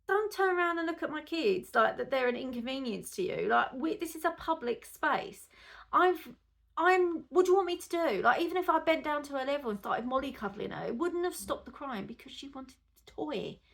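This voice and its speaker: A woman's voice: high-pitched, expressive, brisk, vocal fry, a bit bright. A woman, a mother, chatting to camera in a rambling, casual way that turns indignant. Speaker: mother vlogger.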